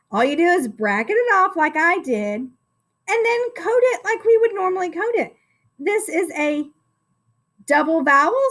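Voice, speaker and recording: A woman with a high voice teaches phonics to young children, sounding out each word slowly syllable by syllable. Her delivery is patient, unhurried and encouraging. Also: fairly bright tone.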